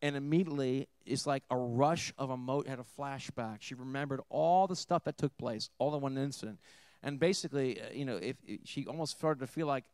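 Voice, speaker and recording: A man preaching a sermon in a mid-pitched voice. He tells a story in a quiet, intimate tone, then rises to emphatic points. The sound is dry and close. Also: a little fast, clean tone, no echo. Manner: storytelling, swings between hushed and emphatic. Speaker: pastor.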